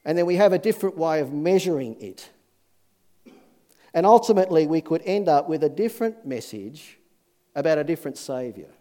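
A man's voice: fairly high pitch, expressive, fairly quick, mellow. A man preaching a sermon in an earnest, folksy way, with many fillers and restarts. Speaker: pastor.

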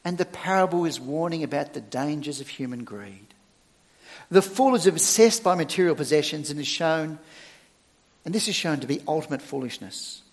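Expressive male preacher with a lively, emphatic voice. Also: fairly high pitch, moderate pace, long reverb tail. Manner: expressive, emphatic preaching with sudden loud stresses. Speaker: church minister. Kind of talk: sermon.

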